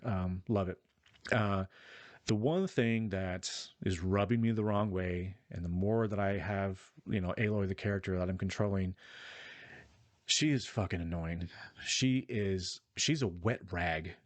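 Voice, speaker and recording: A man's voice: low voice, no echo. A man giving a casual, rambling and profane spoken review of a video game. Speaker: gaming vlogger.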